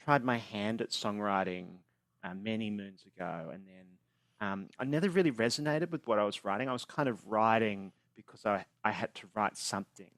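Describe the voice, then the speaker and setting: A man's voice: lowish voice, animated, moderate pace, a bit bright, no room sound. A young Australian man, a singer-songwriter, talking thoughtfully about his songwriting over a remote call. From regional Australia. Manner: thoughtful, reflective, with fillers. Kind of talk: relaxed interview talk.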